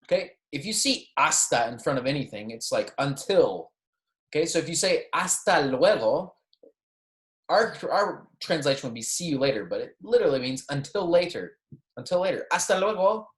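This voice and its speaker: A man's voice: a little high, animated, normal speed. Man teaching Spanish greetings in an echoey room. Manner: repeats phrases for students, frequent "okay?" and "right?" checks; light joking asides. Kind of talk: recorded classroom lecture.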